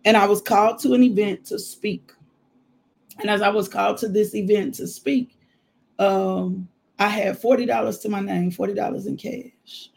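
A man delivers a devotional like a conversation over coffee. His voice sits high, with a husky, gravelly texture. He moves between preaching and personal testimony, often breaking into laughter. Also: moderate pace. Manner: animated storytelling testimony, frequent laughter. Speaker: minister.

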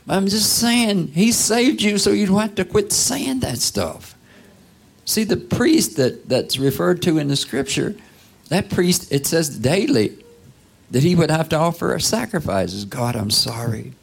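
Male preacher, husky gravelly voice, conversational sermon with rhetorical questions, now and then a whisper. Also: sits high, very animated, a little slow. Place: church.

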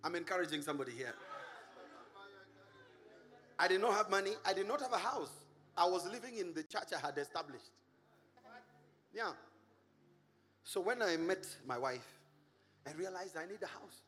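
A middle-aged man from Kenya, a pastor preaching a sermon, animated, with singsong shouts and laughing asides to the congregation. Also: sits high, normal speed, long pauses, big-room sound.

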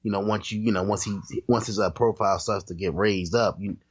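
A man's voice: on the low side, fairly even intonation, brisk, slightly rough, no room sound, dull audio. A man co-hosting a podcast in casual chat, talking emphatically and restarting his sentences often. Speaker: podcast co-host.

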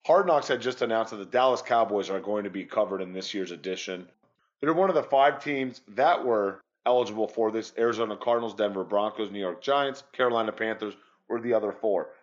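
Casual low-voiced sports podcast host. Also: male voice, fairly quick, muffled recording. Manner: loose and profane, rambling.

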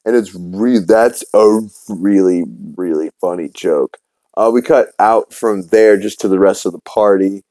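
A man's voice: lowish voice, a little slow, warm tone, dry recording, low-quality recording. A man hosting a podcast who recaps an episode in a casual, rambling way, swearing freely. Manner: rambling, profane, full of fillers and restarts. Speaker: podcast host.

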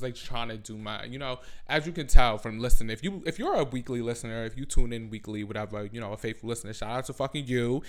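A man's voice: medium pitch, bright, forceful tone, clear, resonant tone. A young man hosts a loose solo podcast from his home and talks close into the mic. He rambles and swears freely, pokes fun at himself, and drops "like" constantly. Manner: rambling, profane and self-mocking, full of "like". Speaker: podcast host. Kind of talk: casual solo podcast chat. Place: home with family over.

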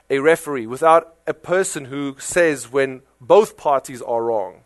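A man with a South African accent preaching a sermon in a conversational, animated way, full of rhetorical questions. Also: a little high, no room sound. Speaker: pastor.

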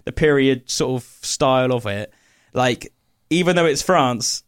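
A man on a podcast, chatting in a rambling, animated way with lots of fillers. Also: medium pitch, a little slow, smooth. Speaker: podcast co-host. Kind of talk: casual chat.

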